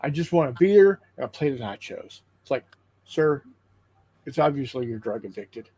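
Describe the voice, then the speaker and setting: A man on a tabletop gaming stream telling a long joke in casual chat, halting and repeating his words as he goes. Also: medium pitch, very animated, mellow, husky, rough recording. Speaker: co-host of a tabletop painting stream.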